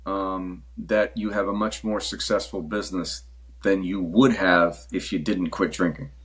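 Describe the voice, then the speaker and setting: Deep husky male interviewer. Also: steady tone, low-quality recording. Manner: gentle, halting questions. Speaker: podcast host. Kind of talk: interview questions.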